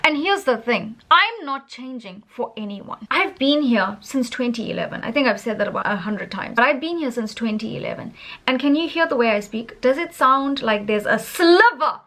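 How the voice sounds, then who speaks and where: Emphatic South African woman vlogging, high-pitched and bright, in her thirties. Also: normal speed. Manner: animated, emphatic, laughs often. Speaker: English teacher in Korea. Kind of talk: casual opinion vlog.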